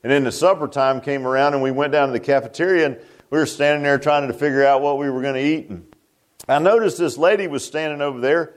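A man's voice: fairly high pitch, quick pace. A middle-aged man, preaching a sermon as pastor, pressing questions with a rhetorical "huh?". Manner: preachy, rising to fervent emphasis with rhetorical "huh?".

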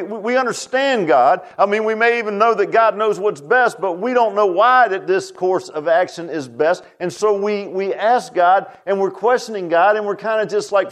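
A man preaching a conversational sermon, firing rhetorical questions and swinging between loud and hushed. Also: sits high.

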